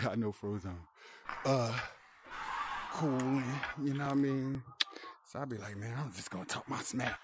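A man's voice: medium pitch, measured pace, pauses often, heavy background noise. A young man trash-talking casually while playing a VR hockey game, boastful and slangy, laughing often, on a headset mic. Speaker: VR hockey player.

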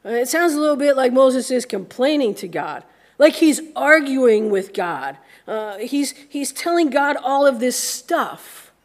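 American woman pastor, higher voice, chatty sermon that slips into quick character voices. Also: lively intonation. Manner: conversational, acts out grumbling voices.

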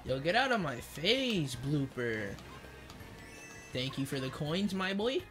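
Slangy young male streamer, excitable. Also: on the high side, takes it slowly. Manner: slangy, jokey, reads chat aloud, yells at the game. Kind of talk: casual game streaming chat. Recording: faint game music behind.

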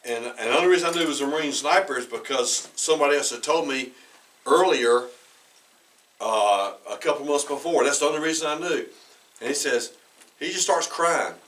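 A pastor preaching in a church, telling a story in a loose conversational way with frequent restarts and throat-clearing. His voice is bright and carries forward. It is heard from a distance, away from the mic. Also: mid-range voice, moderate pace, pauses often. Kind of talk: sermon with personal storytelling. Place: church sanctuary.

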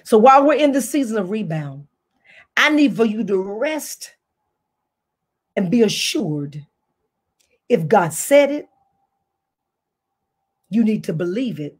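A woman's voice: medium pitch, very animated, slow, pauses often, darkish tone, slightly rough. A woman pastor preaching a fervent online sermon full of repeated declarations, tearful and near crying at times. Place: online service, speaking to a screen.

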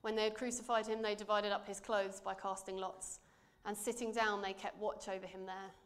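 A woman's voice: mid-range voice, level tone. Earnest woman preaching a sermon. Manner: measured, earnest, dropping to quiet emphasis. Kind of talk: sermon with scripture reading. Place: church.

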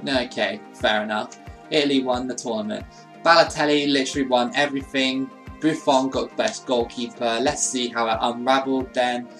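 A man's voice: mid-range voice, fairly bright tone, low-quality recording. A young man giving casual commentary on a football video game, swearing and ranting at the computer opponent. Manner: frustrated, swears, rants at the game. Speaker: gaming YouTuber.

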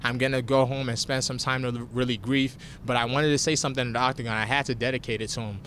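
A young man answers questions right after a fight, talking frankly and at times with a catch in his voice. His voice sits in a middle pitch. A faint rumble runs under the recording. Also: fairly even intonation, quick pace, a bit bright. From family from Nigeria. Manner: candid, emotional, gets choked up. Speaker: fighter interviewed after a win. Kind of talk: post-fight interview.

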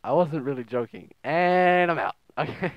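A man's voice: on the high side, normal speed, dry recording, highs cut off. Crude, joking young man playing a game. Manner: joking, crude, reads texts aloud in silly voices. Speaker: gaming video host. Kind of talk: casual let's play commentary.

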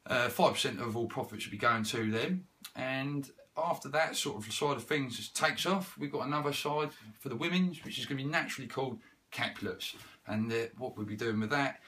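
A man giving an upbeat, salesy business pitch to camera. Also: a little fast, sharp tone. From England. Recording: slightly distant mic with faint noise.

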